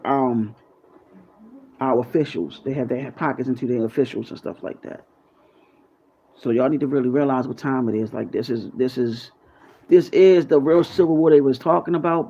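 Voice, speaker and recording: Speaking in a mellow, mid-range voice, a man who hosts a YouTube channel rambles casually to his viewers in a freestyle monologue. His manner is conspiratorial and full of cursing, and the audio is dull and lo-fi.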